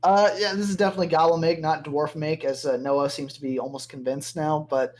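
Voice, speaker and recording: A game master narrating a tabletop game on a stream, swearing freely and breaking off into quick jokes. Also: medium pitch, steady tone, darkish tone.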